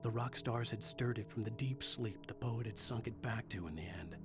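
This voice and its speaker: An actor narrating as a brooding novelist in a video game, measured and somber. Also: male voice, fairly low pitch, over music, lightly acted. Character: brooding male novelist narrating, middle-aged. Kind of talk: scripted narration.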